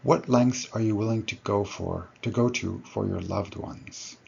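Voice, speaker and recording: A man's voice: on the low side, a little slow, creaky, darkish tone, highs cut off, slight background noise. A man giving a recorded lecture to his students, explaining step by step and correcting himself as he goes.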